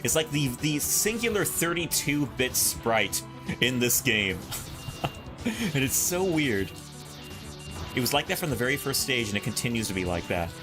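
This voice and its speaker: A man's voice: medium pitch, very animated, normal speed, long pauses. A man casually commenting on his own gameplay, playful and jokey, talking to himself and hunting for puns. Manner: playful, jokey, talks to himself while playing. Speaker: let's play host. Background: game music.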